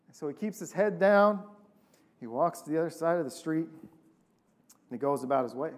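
Man, pastor, high-pitched voice, animated sermon storytelling, acts out quoted voices. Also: moderate pace, pauses often.

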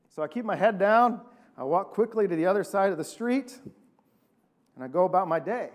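A man, a pastor, preaching a sermon and telling a story with lively acted-out voices. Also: sits high, brisk. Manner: animated storytelling, acting out quoted voices.

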